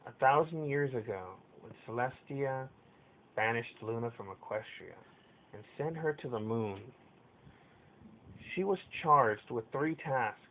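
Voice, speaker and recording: A man voicing a stern female pegasus overmare with a rough, authoritative voice. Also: a little slow, close to an everyday voice. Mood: explaining. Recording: tinny lo-fi with faint rumble.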